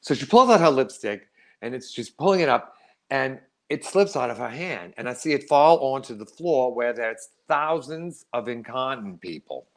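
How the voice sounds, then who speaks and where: Animated middle-aged male storyteller. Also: medium pitch, normal speed. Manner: animated, wry, laughs often. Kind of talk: performed storytelling monologue.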